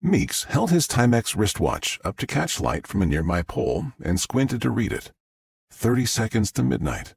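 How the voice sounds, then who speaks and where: Gravelly male audiobook narrator. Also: lowish voice, sing-song, moderate pace, darkish tone, no echo. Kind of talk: scripted narration.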